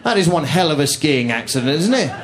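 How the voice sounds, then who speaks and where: A man's voice: a little high, very animated, fast. A man with a posh English accent doing a stand-up routine on a club stage, with a sarcastic, mock-indignant, ranting manner. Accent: posh southern English. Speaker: stand-up comedian. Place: comedy club stage before a laughing audience. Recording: live club recording with audience laughter.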